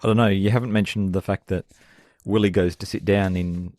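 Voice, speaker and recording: A man co-hosting a podcast, chatting about a sitcom in a relaxed, agreeable way. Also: deep voice, fairly quick, dry recording. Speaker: podcast co-host. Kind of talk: casual podcast chat.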